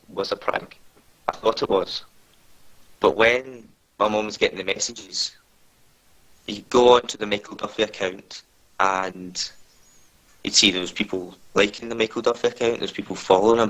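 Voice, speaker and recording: A man's voice: on the low side, a bit bright, rough recording. A nervous man telling his story as a guest over a video call, hesitant and full of filler words. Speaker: interview guest. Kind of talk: casual storytelling interview.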